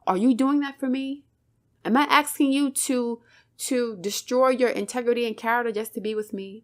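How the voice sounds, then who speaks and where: A woman with a fairly high voice hosts a channel, delivering fervent commentary straight to her viewers at a moderate pace. She lectures with heavy emphasis, stacks up rhetorical questions, and drops curse words along the way.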